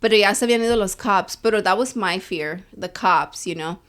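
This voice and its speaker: Woman in her 20s, podcast co-host, chatty storyteller, mid-pitched voice, Spanish-English mix. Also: a little fast, fairly bright tone. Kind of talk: casual storytelling chat.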